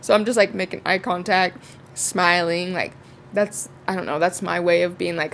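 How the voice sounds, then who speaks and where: A woman's voice: fairly low pitch, fairly even intonation, normal speed, creaky, a bit bright, a little hiss or hum. A young woman telling a casual storytime vlog, chatty and swearing freely, with lots of fillers. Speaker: vlogger.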